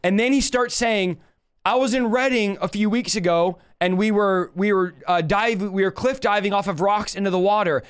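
A man sharing his personal conversion testimony on a live stream, telling it in an animated, earnest way and acting out the dialogue he quotes. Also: sits high, normal speed, clean tone. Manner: emotional, earnest.

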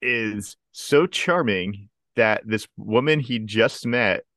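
A man with a low voice co-hosts a casual movie podcast, joking and chuckling between his remarks. He is recorded on a close mic with a dry sound and no room echo. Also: slow pace, a bit bright. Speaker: podcast co-host. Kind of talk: casual movie-review chat.

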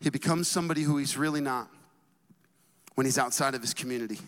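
A man preaching a sermon as a pastor, talking to the congregation in an energetic, conversational way with casual asides. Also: medium pitch, fast, in a large hall.

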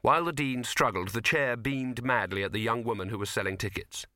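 A man's voice: mid-range voice, a little fast, sharp tone, dry recording. A man narrating a comic fantasy audiobook, shifting his voice for each character.

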